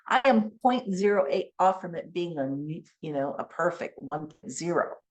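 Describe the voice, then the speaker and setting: A middle-aged woman giving a conference keynote, teacherly and animated, coaching the audience through speech sounds. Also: lowish voice, normal speed. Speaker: keynote speaker.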